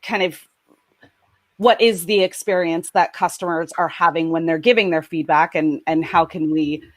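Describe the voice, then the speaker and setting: A woman's voice: sits low, steady tone, normal speed, dry recording. A woman hosting an interview, agreeable and easygoing in casual chat. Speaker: host.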